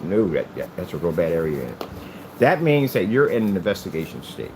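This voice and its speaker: A man's voice: sits low, very animated, a little fast, background noise. A man from the United States talking in a rambling, emphatic vlog monologue about his hobby channel. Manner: emphatic, repetitive ranting. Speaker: hobby crafter and channel owner.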